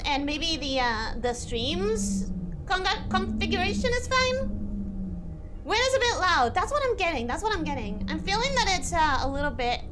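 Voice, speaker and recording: A young adult woman streaming a game, chatting casually with her chat, excitable, laughing often and repeating herself. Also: very high-pitched, very noisy. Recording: music playing in the background.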